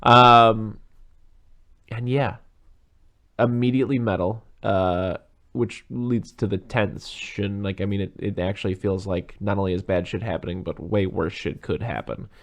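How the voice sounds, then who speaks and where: A man with a fairly low voice talks through a movie in casual podcast chat. He rambles, drops in plenty of fillers and swears freely. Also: steady tone, a little slow, a bit bright. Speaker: podcast co-host.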